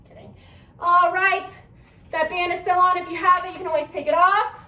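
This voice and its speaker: A young woman with an extremely high, bright, forceful voice speaks briskly in a level tone. As a fitness instructor, she cues a workout class and counts down reps with upbeat coaching, slightly out of breath. The room echoes and the mic sits at a distance.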